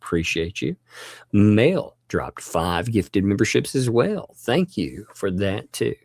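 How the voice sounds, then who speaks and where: Male livestream host, low gravelly voice with lively pitch, dry close sound, laughs often. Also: no echo. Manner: laughing often, drawn-out thank-yous. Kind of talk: casual livestream chat, thanking viewers.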